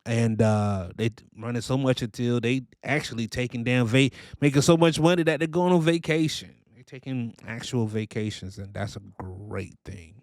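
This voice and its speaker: A man comments casually on a clip he is reacting to, in laid-back slang, often checking in with a quick question to the listener. His voice sits at an ordinary pitch, recorded close and dry with no room sound. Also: dry recording. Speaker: reaction video host.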